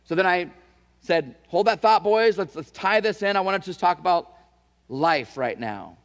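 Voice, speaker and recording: A man preaching from the pulpit tells stories with restarts and repeated words, then builds to emphatic calls to his congregation. His voice sits fairly high for a man. A long reverb trails every phrase through the church hall. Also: lively intonation, moderate pace. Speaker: pastor. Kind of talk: sermon.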